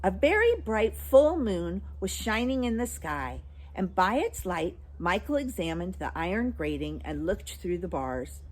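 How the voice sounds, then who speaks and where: A woman reading a children's book aloud, in an expressive storytelling way. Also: mid-range voice, a little slow, hardly any pauses. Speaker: storybook reader.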